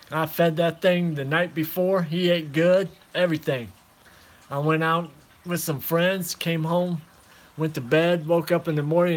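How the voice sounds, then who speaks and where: A man chatting casually to viewers about his fish in a relaxed, rambling way, talking into a phone and calling everyone man and dude. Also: a little high. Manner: laid-back, rambling, calls listeners man and dude. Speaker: aquarium hobbyist vlogger.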